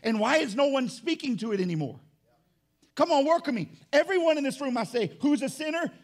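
A man preaching a sermon as pastor, emphatic and rising to shouts. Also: very high-pitched, expressive, fairly quick.

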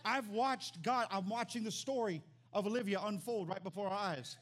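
A man in his thirties preaching a sermon as pastor, animated, his voice climbing to near-shouts. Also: high voice, normal speed.

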